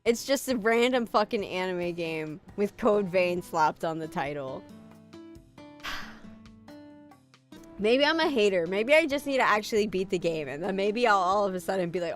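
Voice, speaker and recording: A woman's voice: medium pitch, unhurried, pauses often, faint music behind. A woman streaming as a VTuber, chatting casually with her viewers, swearing freely and joking about herself. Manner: animated, swearing, self-mocking, reads chat aloud. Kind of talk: casual live-stream chat.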